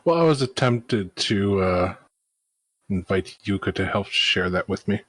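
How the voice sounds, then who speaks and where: A man in a tabletop game session with a lowish voice and a wry, deadpan delivery. His sound is close and dry, with no room behind it. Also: unhurried, husky, no room sound. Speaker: player. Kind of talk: tabletop role-play.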